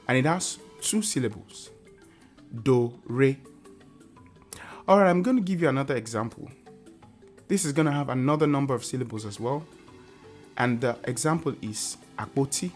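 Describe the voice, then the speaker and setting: Man, mid-pitched voice, patient teacher, repeats words. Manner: patient, repeats example words and sings tone syllables. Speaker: language teacher and channel host. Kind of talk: casual online language lesson.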